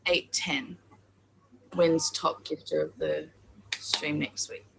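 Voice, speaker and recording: A woman co-hosting a live-stream chat show, calmly explaining the rules and reading out the questions. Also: sits low, slow pace, gravelly, slight background noise, low-quality recording. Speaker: co-host and moderator.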